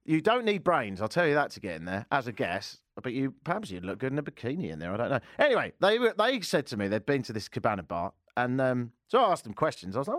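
A man's voice: medium pitch, very animated, fast talker, few pauses, a bit bright, no echo. Sarcastic english radio guy, self-deprecating, voice jumps up and down a lot, dry studio sound. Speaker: radio host. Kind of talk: casual talk radio banter.

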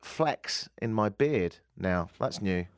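A man from the United Kingdom hosts a casual radio chat show, dropping wry, self-mocking asides. His pitch swings widely as he talks. The sound is dry and close, with no room echo. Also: lively intonation, slow pace, smooth. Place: radio studio. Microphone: studio microphone.

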